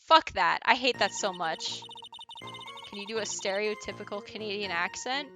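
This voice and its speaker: A woman streaming a video game, commenting loudly and with exasperation, swearing. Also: medium pitch, normal speed, music in the background.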